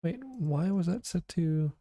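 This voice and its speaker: A worn-out man talks to himself in a flat, monotone way while he pokes at his game's code. His voice is mellow and soft-edged, steady and unhurried. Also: fairly high pitch. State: exhausted. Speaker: game developer streamer. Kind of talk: thinking aloud while coding.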